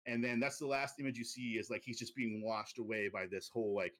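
A young man casually chatting on a podcast, pitching a movie sequel in a rambling way full of fillers. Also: brisk. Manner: rambling storytelling with many fillers, drops low and quiet for quoted lines. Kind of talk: casual chat.

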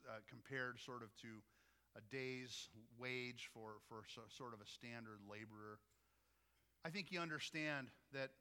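A man's voice: medium pitch, bright, forceful tone, long reverb tail. A man preaching a sermon as pastor, talking to the congregation in a conversational way and often asking them questions. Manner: conversational, asks listeners frequent questions.

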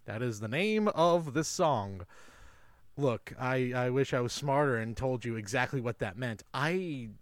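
A man's voice: mid-range voice, lively intonation, a little slow, no room sound. A man co-hosting a casual film podcast, recapping the plot and laughing often. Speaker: podcast co-host.

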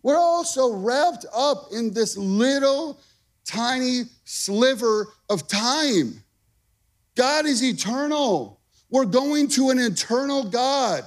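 A male pastor preaches a sermon in a very high-pitched voice at a slow pace. He's energetic and emphatic, repeating phrases for punch and tossing casual asides to the congregation.

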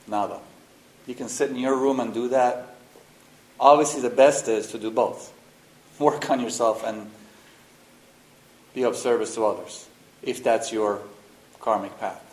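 This man has a mid-range voice and a measured pace, often pausing as he teaches. As a spiritual teacher running a workshop, he speaks in a frank, animated way, dropping slang and swear words into casual talk. His echoey room gives the audio a roomy echo with faint noise underneath.

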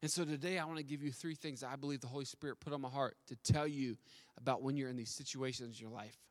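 A man's voice: mid-range voice, steady tone, fast talker. A man preaching a sermon, telling a story and asking his listeners direct questions. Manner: storytelling, asks the audience questions, stammers on restarts. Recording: long hall reverb.

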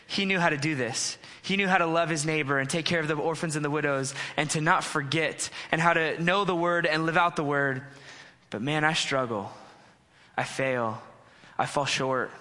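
A young man preaching from a stage, with a slightly high, bright and forceful voice. He talks in an earnest, conversational way and pokes fun at himself as he tells stories. The sound carries a long hall reverb. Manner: conversational, earnest, self-deprecating storytelling. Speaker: pastor. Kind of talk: sermon.

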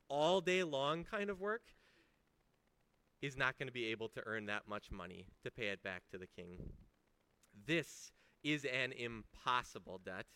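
A man delivers a sermon in an easygoing, conversational way. He stresses key words and asks rhetorical questions. His voice is bright and forceful, and the sound is dry and close. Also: medium pitch, clean tone, dry recording. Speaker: pastor.

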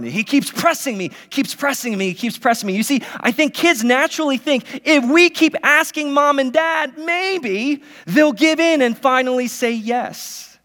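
A man's voice: extremely high pitch, measured pace, hardly any pauses, pushed and bright. A man in his thirties, a pastor, preaching a sermon in a conversational, story-telling way with many restarts. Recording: long hall reverb.

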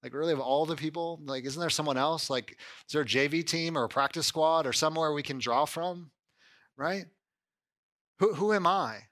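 A male pastor delivering a sermon in a relaxed, conversational style. His voice is bright and sits a little high. He keeps checking in with the listeners and turns lively when he acts out someone's doubts. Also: normal speed. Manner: conversational, animated when voicing doubts, frequent "like" and "right?".

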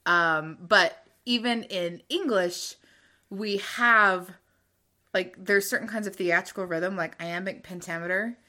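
A woman with a bright, clear tone co-hosts a relaxed book podcast. She explains ideas eagerly and at length and often breaks into laughter. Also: fairly low pitch, unhurried. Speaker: podcast co-host. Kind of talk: casual book-club chat.

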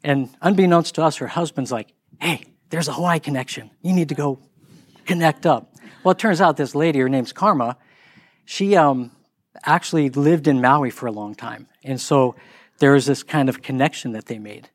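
At a normal speed in a dry recording, a middle-aged man tells a relaxed story and animatedly acts out the people in it. Whenever he quotes someone, his voice jumps higher.

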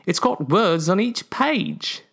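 A spooked supernaturalist man speaking slowly and matter-of-factly, as a man reads him in a story podcast. The pitch swings widely. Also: very animated, gravelly, fairly bright tone, exaggerated voice. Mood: insistent.

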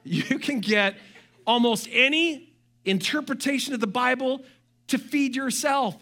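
High-voiced, bright animated male pastor. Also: measured pace. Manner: animated, joking asides and quoted voices. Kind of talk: sermon.

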